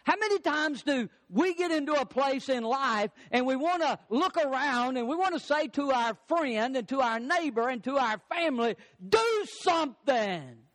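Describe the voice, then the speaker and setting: High-voiced man preaching in a reverberant hall. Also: moderate pace, few pauses, fairly bright tone. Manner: preaching with rising emphatic lines and acted-out quotes. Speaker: pastor. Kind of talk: sermon.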